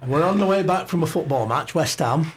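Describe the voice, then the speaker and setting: Older guy guest, slightly high voice, rambles through a funny story. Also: expressive, brisk, heavy background noise. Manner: rambling anecdote with hesitations. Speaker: studio guest. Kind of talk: storytelling in casual chat.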